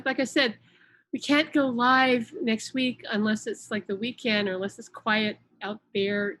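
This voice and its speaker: A middle-aged woman speaks at a medium pitch in an unscripted live stream from a room at home. She talks earnestly and casually, often repeating words and restarting as she relays messages. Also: fairly bright tone, a little hiss or hum, rough recording. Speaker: psychic channel hosting a live stream.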